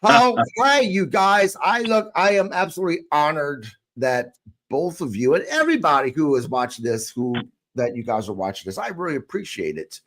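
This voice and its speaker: A man's voice: fairly high pitch, sing-song, normal speed, a bit bright. A man hosting a podcast, upbeat and casual, reading out viewer comments. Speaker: podcast host.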